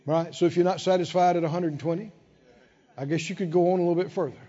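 High-pitched emphatic male preacher. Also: steady tone, fast, dark tone, big-room sound, lo-fi sound. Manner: emphatic, call-and-response preaching. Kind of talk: sermon.

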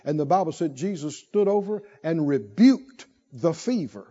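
A man preaching a sermon, shifting from low asides to loud shouted climaxes and stretching out emphatic phrases. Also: expressive, lo-fi sound. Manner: drawls emphatic phrases slowly.

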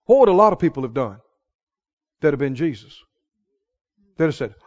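A man preaching a passionate sermon, pressing his listeners with rhetorical questions and swinging from hushed tones to loud ones. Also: on the high side, big pitch swings, normal speed, pauses often. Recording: reverberant hall, muffled sound.

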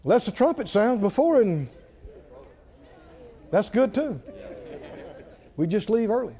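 High-voiced folksy preacher. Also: male voice, big pitch swings, unhurried. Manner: folksy, emphatic, builds to shouting. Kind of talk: sermon. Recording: dull lo-fi sound.

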